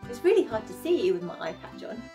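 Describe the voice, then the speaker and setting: A young female workout instructor counts down exercises for a children's class, sounding upbeat and encouraging. She speaks quickly in a slightly high, sing-song voice, with light music playing behind her.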